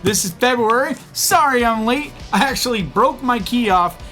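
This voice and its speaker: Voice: medium pitch, animated, moderate pace, pushed and bright. Vlog host, casual and upbeat, laughs easily, mid-range voice, faint music underneath. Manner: chatty and upbeat, laughs at own jokes. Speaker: host of an unboxing video channel.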